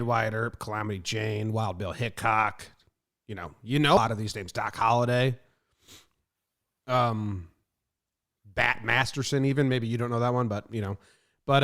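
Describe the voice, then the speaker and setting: A man co-hosting a comedy podcast, chatting loosely and filling pauses with "you know." His voice sits in an ordinary middle pitch. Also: fairly bright tone. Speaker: podcast co-host. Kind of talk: casual comedic podcast chat.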